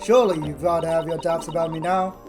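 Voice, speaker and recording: A man's voice: on the high side, fairly even intonation, fast, over music, natural voice. A man voicing a tough, hopeless young London street girl in a put-on London accent, reading game dialogue. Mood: despairing. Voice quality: rough London street slang.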